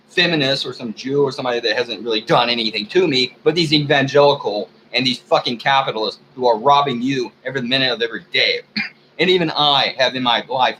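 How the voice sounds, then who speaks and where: Brief: angry American man, profane unscripted rant, keeps clearing his throat, mid-pitched voice, faint hum behind. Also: pushed and bright, rough recording. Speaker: video blogger.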